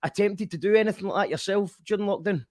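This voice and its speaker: A man hosting a casual chat show, easygoing with halting restarts. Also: sits high, no room sound, clean studio sound. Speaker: show host.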